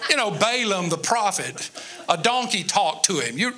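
A man's voice: sits high, very animated, normal speed, a crowd in the background, noisy background. A man preaching a conversational sermon, joking with his congregation and building up emphatic repetitions. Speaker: pastor.

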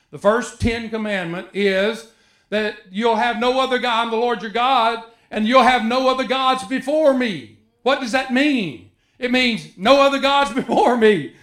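A pastor with a high, fairly bright voice preaches a sermon in a conversational, joking style, firing rhetorical questions at his listeners. His voice rings through an echoey church room.

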